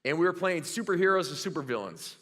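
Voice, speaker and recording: A middle-aged man preaching from the pulpit, spinning stories with lively, self-mocking humor. His voice is bright and ringing, and it sits somewhat high for a man. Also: fast. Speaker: pastor. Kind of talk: sermon.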